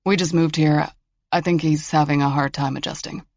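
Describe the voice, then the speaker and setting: A man's voice: a little high, steady tone, normal speed, dry recording, lightly acted. Narrator guy doing a fed-up federal agent, dry and wry, sounds kinda muffled. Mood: tired. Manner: dry, exasperated. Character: exasperated, wry young male federal agent.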